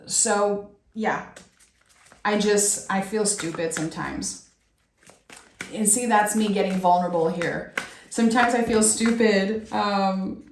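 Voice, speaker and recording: Slow, reflective French-accented tarot reader, woman. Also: medium pitch, reverberant, a little hiss or hum. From France. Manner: giggly, talks with many restarts. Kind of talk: soulful tarot reading.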